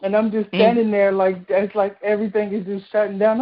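A woman's voice: mid-range voice, flat delivery, fairly quick, hardly any pauses. A young woman speaking in a casual chat, telling her story with animation and many fillers. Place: radio studio. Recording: muffled radio broadcast audio.

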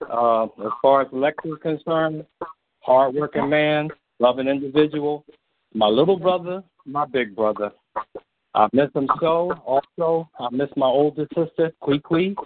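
A man calling in to a radio show, holding back tears as he speaks with slow, halting, heartfelt pauses. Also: medium pitch, dry recording. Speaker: caller. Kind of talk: emotional tribute on a call-in show. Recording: dry, tinny phone line.

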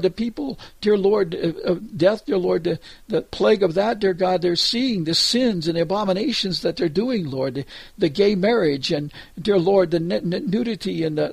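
A man leading a spoken prayer on a call, fervent and halting, repeating "dear Lord" between almost every phrase. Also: sits high, creaky, husky, no echo. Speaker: prayer leader.

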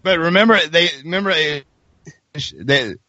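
A man's voice: on the high side, moderate pace, no echo, muffled recording. A man with a Southern accent hosting a podcast and telling stories in a laughing, casual way. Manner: lively, laughing storyteller. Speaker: podcast host. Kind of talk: casual chat.

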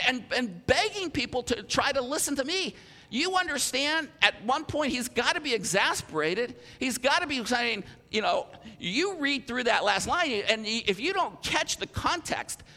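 A male pastor preaching a sermon, earnest and emphatic, acting out lively rhetorical quotes. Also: very high voice, moderate pace, in a large hall.

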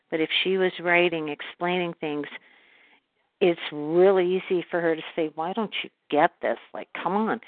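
Woman from Canada, low-pitched guest. Calm channeled talk, speaks of herself in the third person. Phone-line sound. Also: dry recording. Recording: phone-like call audio.

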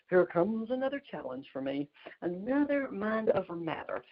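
A middle-aged woman, chatting fast and laughing through a story on a group call. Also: mid-range voice, very animated. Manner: fast-talking, chatty, laughs mid-sentence. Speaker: community call participant. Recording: dull lo-fi call audio.

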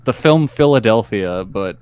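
A man co-hosting a casual podcast, trading wry deadpan jokes. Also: fairly low pitch, unhurried, clean tone. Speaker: podcast co-host.

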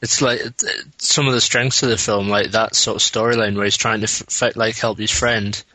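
A man co-hosting a film podcast in a loose, joking chat, often restarting his sentences. His voice is bright and forward, and the recording is close and dry with no room sound. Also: lowish voice, steady tone, fairly quick, no echo. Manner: laid-back, swears, laughs often, restarts sentences. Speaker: podcast co-host. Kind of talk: casual film review chat.

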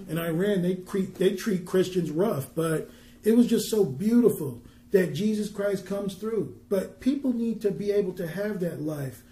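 An earnest male minister preaches and tells stories with a fairly high but mellow voice. He reads scripture slowly and with weight. The sound is roomy and echoey. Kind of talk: preaching and storytelling on a podcast.

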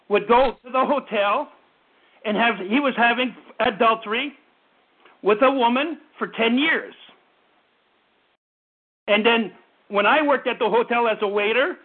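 A man's voice: extremely high pitch, unhurried, long pauses. A man in his fifties preaching a fervent sermon, often stumbling and repeating words as he goes. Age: 50s. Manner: fervent, repetitive preaching with stammered restarts. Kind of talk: radio sermon. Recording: tinny phone-like radio broadcast.

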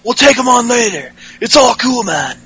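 A man voicing a male wrestler who hurriedly tries to calm his partner down. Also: very high-pitched, slight background noise, pitched above the performer's own voice, full character voice. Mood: placating. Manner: placating, hurried.

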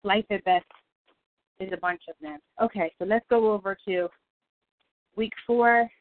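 A woman leads a Bible study over a tinny phone line, talking in a loose, chatty way and breaking into laughter between points. Her voice sits at an ordinary middle pitch. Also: unhurried, a little hiss or hum. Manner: chatty, laughs often, self-interrupting. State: out of breath. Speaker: prayer call leader. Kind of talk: casual Bible study talk. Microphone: phone call.

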